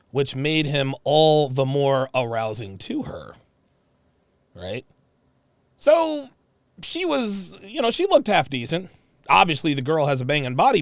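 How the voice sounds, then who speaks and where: A man's voice: on the high side, no room sound, clean studio sound. A man in his forties hosting, giving profane, mocking reaction commentary on video clips and repeating his points. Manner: mocking, animated, repeats himself.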